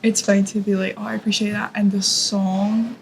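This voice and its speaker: A young woman gushes through casual podcast chat, with a gravelly, creaky texture to her voice. Her tone is effusive and quick to laugh. There is a clear hiss of noise under the recording. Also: mid-range voice, little pitch movement, rough recording. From Scotland. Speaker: podcast co-host.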